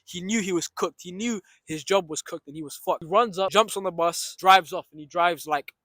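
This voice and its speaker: A young man telling a story about his day, swearing freely and acting out the shouts and the other voices. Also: high-pitched, brisk, dry recording. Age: young adult. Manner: swears freely, retells with reenacted shouts and asides. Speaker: storyteller vlogger. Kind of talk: animated storytime monologue.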